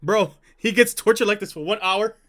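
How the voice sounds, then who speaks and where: A man's voice: high-pitched, moderate pace, heavy background noise. A man streaming, reacting to old prank calls with casual, laid-back commentary and chatty asides.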